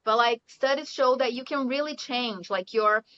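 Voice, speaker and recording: Here a Brazilian woman who teaches English, speaking with a Brazilian Portuguese accent, chats casually in an interview. Her fairly high voice is clean and a bit bright, at a normal speed, and she laughs often and leans on "you know." The recording is muffled and lo-fi.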